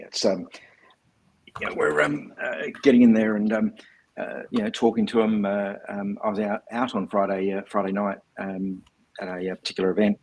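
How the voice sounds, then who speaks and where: Man, low husky voice, hesitant casual talker on a live stream. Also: a little mellow. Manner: hesitant, many ums and uhs.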